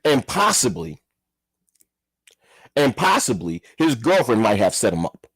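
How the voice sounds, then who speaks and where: A man's voice: mid-range voice, very animated, measured pace, a bit bright, slightly rough, no echo. A man giving a heated, profane commentary rant, repeating himself and firing rhetorical questions. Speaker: commentary vlogger. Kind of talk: ranting commentary.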